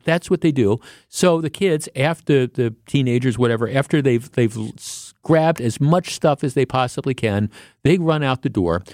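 A man's voice: on the high side, darkish tone, no room sound, clean studio sound. A man hosting a talk radio show, delivering a rambling, indignant monologue with frequent restarts.

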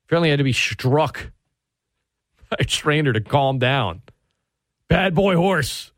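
A man hosting sports talk radio, excitable and animated, often restarting his sentences. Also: medium pitch, a little slow, dry recording, studio quality.

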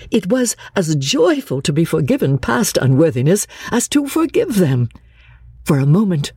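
A reader narrating a classic novel in an expressive, husky voice. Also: medium pitch, no echo, clean studio sound. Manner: expressive, varied reading. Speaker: audiobook narrator.

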